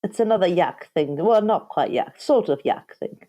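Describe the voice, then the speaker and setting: A woman's voice: on the low side, expressive, moderate pace, dark tone. A woman co-hosting a casual podcast chat, thinking aloud with hesitant, self-correcting phrasing. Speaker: podcast co-host.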